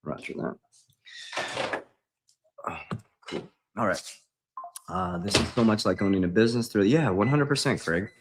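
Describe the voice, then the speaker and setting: Emphatic low-voiced man coaching on a livestream. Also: animated, unhurried, long pauses, background noise. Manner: emphatic, preachy, repeats himself. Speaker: financial coach. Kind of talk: livestream talk.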